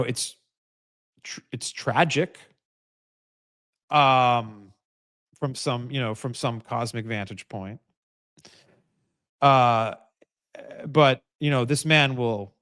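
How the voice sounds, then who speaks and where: A man's voice: medium pitch, fairly bright tone, no echo, studio quality. A man hosting a live political commentary stream, talking in a rambling way with many restarts and emphatic repeated phrases. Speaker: host.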